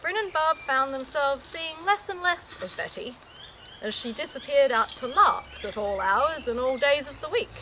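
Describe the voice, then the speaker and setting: A woman's voice: high-pitched, lively intonation, normal speed, noisy background. A woman reading a comic story aloud in an amused, playful way. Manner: amused, often laughing between lines.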